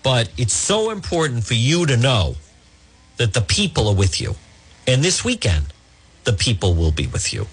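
A male talk radio host delivers an emphatic monologue in a husky voice. His pitch swings widely from word to word, and he keeps restarting and repeating himself as he addresses his listeners directly. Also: huge pitch swings, normal speed.

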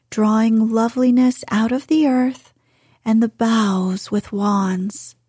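Woman reading a story in a slow, husky near-whisper, dry close mic. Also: on the high side, dry recording. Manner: soft, half-whispered and unhurried. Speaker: audiobook narrator.

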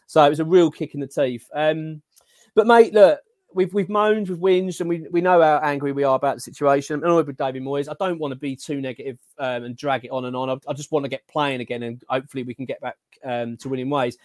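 A man's voice: a little high, fast, dry recording, studio quality. A man, hosting a casual football podcast and ranting animatedly, stumbling over his words. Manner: animated, ranting, filler-heavy. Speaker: podcast host.

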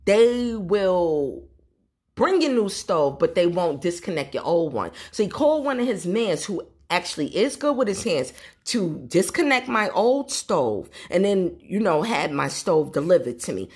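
A husky-voiced woman in her forties hosts a solo podcast in a blunt, profane, storytelling way. Her pitch swings widely and keeps the talk animated. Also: measured pace. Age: 40s. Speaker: podcast host.

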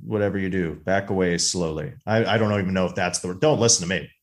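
A man's voice: deep voice, fairly even intonation, fast. A man co-hosting a podcast, chatting about a movie in a self-correcting, affirming way. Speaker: podcast co-host. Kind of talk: casual movie discussion.

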